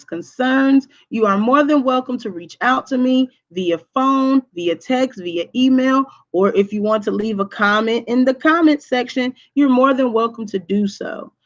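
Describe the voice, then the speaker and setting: A woman teacher giving a recorded online lesson. She has a projecting voice and speaks deliberately, checking in with "okay?" after each point. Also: fairly high pitch, highs cut off. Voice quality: voice projects strongly.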